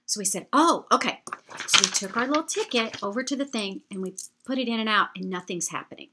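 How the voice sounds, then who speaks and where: A woman telling a travel story to her viewers in a chatty, animated way. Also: mid-range voice, quick pace, heavy background noise. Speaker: vlogger. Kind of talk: storytelling travel anecdote to camera.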